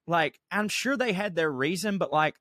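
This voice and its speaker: A man from Georgia with a Southern accent, co-hosting a podcast in casual chat, agreeable and eager with quick interjections. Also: on the high side, lively intonation, sharp tone, no room sound, studio quality. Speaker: podcast co-host.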